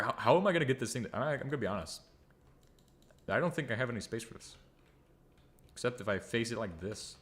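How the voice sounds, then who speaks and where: A man's voice: mid-range voice, lively intonation, fairly quick, long pauses, a bit bright. A man giving casual, jokey gameplay commentary, muttering and humming to himself as he builds. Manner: jokey, self-mocking, hums and mutters to himself. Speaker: gaming video creator.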